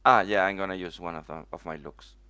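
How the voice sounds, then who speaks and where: A man playing in a tabletop game, hesitant and unsure, trailing off and filling pauses. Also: deep voice, sharp tone, clean tone, no echo. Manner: hesitant, unsure, many fillers. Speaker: player.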